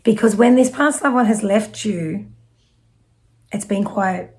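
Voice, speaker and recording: A woman from Australia speaks as a psychic medium, delivering spiritual messages to her viewers. Her talk is slow and gentle, with phrases that trail off softly and small self-corrections. A gravelly edge runs through her mid-pitched voice. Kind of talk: spiritual message reading to camera.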